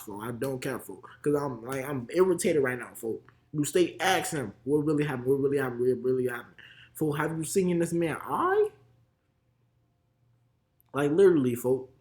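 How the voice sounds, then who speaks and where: A young man with a Chicago accent giving heated, slang-heavy reaction commentary. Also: medium pitch. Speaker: reaction video host.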